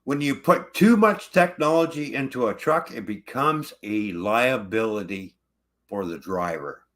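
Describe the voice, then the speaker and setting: A man's voice: fairly low pitch, expressive, measured pace, a bit bright. A truck driver ranting angrily about his truck, swearing constantly in casual livestream talk.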